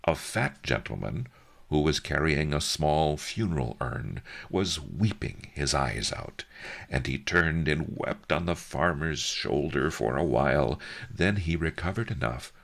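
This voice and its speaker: A man reads an audiobook in an extremely deep, gravelly voice. He takes a slow, unhurried pace with wry, dry storytelling and a lively, rising and falling delivery. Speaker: narrator. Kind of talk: audiobook narration.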